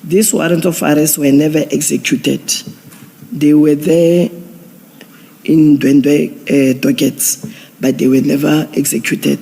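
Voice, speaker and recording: Police general giving testimony, mellow gravelly voice, long hall reverb. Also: male voice, fairly high pitch, little pitch movement. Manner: measured, procedural, with repeated restarts. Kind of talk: formal testimony at an inquiry.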